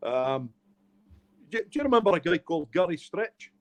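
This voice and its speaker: A man's voice: fairly high pitch, very animated, normal speed. A middle-aged Scottish man, an author being interviewed, telling his life stories in a heartfelt, emotional way. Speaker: author guest. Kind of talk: candid storytelling interview.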